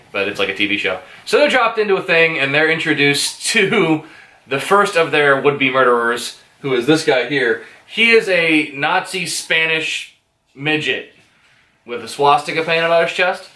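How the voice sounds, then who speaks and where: A man's voice: a little high, lively intonation, moderate pace, pushed and bright, echoey room. A man giving a rambling, profane, hesitant movie review full of fillers. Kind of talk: casual spoken movie review.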